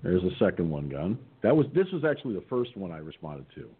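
A combative man hosts a political radio talk show, sarcastic and blunt. His voice sits low and a bit husky, rising and falling a lot. The sound is thin and tinny, like a phone line. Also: sing-song, quick pace. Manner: sarcastic, combative, reads his own posts aloud.

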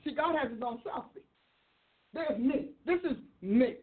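A woman preaches with excitable energy, often laughing and acting out the voices in her stories. Her voice sits high. The sound is thin and phone-like. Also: measured pace. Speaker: preacher and author. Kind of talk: sermon. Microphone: livestream.

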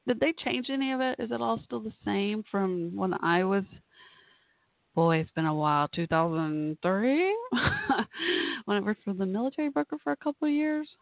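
Woman podcast host, rambly and giggly, gravelly fry, tinny phone line. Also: mid-range voice, moderate pace, dry recording. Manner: chatty, rambling, laughs often. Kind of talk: casual solo talk. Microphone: phone call-in line.

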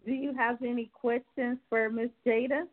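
A woman's voice: on the high side, level tone, moderate pace. A woman hosting a live talk show, chatting casually with her guest and taking callers, full of easygoing fillers. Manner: chatty, leans on "you know" fillers. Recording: tinny phone-like line.

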